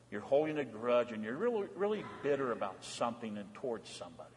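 A male pastor preaching a sermon. He swings between loud, emphatic bursts and hushed, soft passages. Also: mid-range voice, in a large hall, a little hiss or hum.

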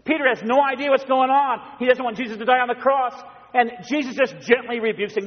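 A middle-aged male pastor delivers his sermon with a high, lively voice. He tells stories with animation and slips into quieter, hushed passages. The sound is dull and carries a long church reverb. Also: fast talker, few pauses. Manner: animated storytelling, acting out voices in bursts. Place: church sanctuary.

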